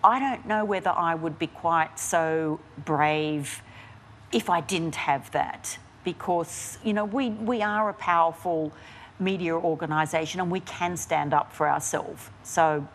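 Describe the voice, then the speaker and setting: An Australian woman with a low, slightly slow voice answers interview questions as a guest investigative journalist, with slight background noise. She speaks frankly and animatedly, often restarting and using fillers in candid conversation.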